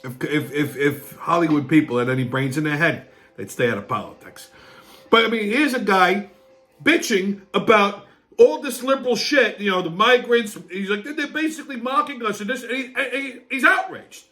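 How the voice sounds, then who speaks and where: A middle-aged man hosts a weekly wrap-up show, his pitch sitting high as he rants crudely and angrily, often shouting, before casually reading out sports listings. He talks at a normal speed, blending profane rant with relaxed segments.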